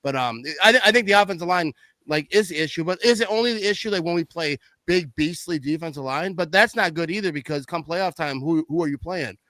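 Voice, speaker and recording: Bright-voiced man in rambling sports chat. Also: fairly high pitch, brisk, no echo. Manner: rambling, filler-heavy, animated. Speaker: podcast guest.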